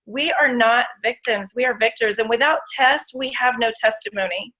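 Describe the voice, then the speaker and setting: A woman's voice: on the high side, normal speed, pushed and bright, low-quality recording. A woman giving an emotional, emphatic inspirational testimony, speaking straight to her audience. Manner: emotional, emphatic, addresses audience as "you guys". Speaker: motivational speaker.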